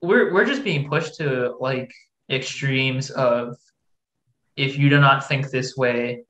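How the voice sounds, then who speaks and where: A man's voice: medium pitch, slow, a bit bright. A young man interviewing, asking questions hesitantly and thoughtfully with lots of fillers. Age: young adult. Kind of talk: podcast interview. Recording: echoey room.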